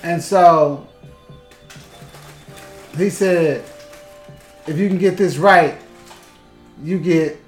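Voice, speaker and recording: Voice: mid-range voice, drawn-out words, pauses often, faint music behind. Co-host, casual storyteller, stammering restarts, roomy echo. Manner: animated, acts out quoted voices, stammering restarts. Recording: roomy echoey room.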